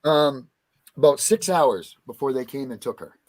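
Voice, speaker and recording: Impassioned angry male guest, swearing, animated delivery. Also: mid-range voice, normal speed. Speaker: guest, parent. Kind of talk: heated talk-show rant.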